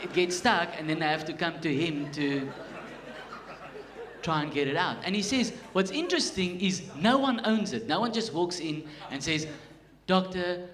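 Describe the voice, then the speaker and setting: A man's voice: on the high side, animated, normal speed. A South African man doing a chatty, self-mocking stand-up comedy set on a theatre stage. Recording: echoey live theatre with crowd. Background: audience laughter.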